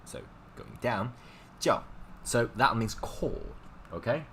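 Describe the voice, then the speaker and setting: A man's voice: medium pitch, huge pitch swings, slow pace, vocal fry, fairly bright tone, a little hiss or hum. A man teaching Chinese in a live-stream lesson, explaining casually in English with many fillers and repeating words for practice.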